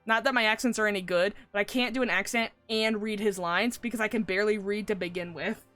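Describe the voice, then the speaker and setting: A woman's voice: medium pitch, steady tone, quick pace, fairly bright tone. A woman streamer chatting casually and animatedly about a game, swearing and laughing a lot. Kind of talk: casual live-stream chat. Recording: faint game music behind.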